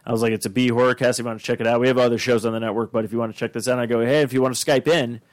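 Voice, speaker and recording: Podcast host, male, casual rambling storyteller, mid pitch, dry close sound. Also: flat delivery, very fast, no room sound. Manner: rambling, many fillers and restarts; acts out quoted dialogue.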